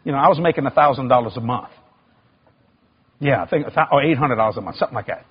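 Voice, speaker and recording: A man's voice: medium pitch, expressive, quick pace, husky. A middle-aged male preacher, telling a folksy, joking story in a sermon. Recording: dull lo-fi recording.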